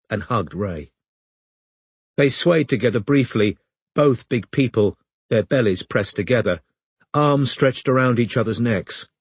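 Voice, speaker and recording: A man narrating an audiobook in a measured storytelling manner, close to the mic. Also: lowish voice, expressive, breathy edge, dry recording.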